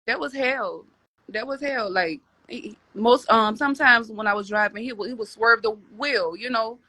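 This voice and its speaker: A woman's voice: fairly high pitch, moderate pace, sharp tone, no room sound. A woman telling a personal story as a podcast guest, rambling with many restarts and repeated words.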